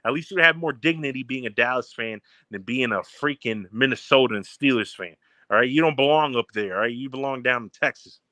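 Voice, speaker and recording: A man's voice: medium pitch, a little fast, sharp tone, no room sound. A young man from Baltimore, a podcast co-host, trash-talking in heated sports banter with a brash, mocking manner. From Baltimore, Maryland.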